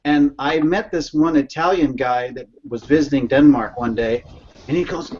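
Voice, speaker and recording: A man's voice: mid-range voice, normal speed, darkish tone, dull audio. A man on a casual video call, rambling through a story and laughing often. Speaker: guest.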